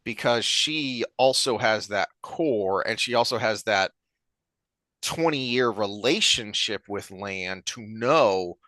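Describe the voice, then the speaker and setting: A man co-hosting a podcast, talking in a rambling, animated way with frequent restarts. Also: lowish voice, slow pace, no echo. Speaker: podcast co-host. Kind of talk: casual chat.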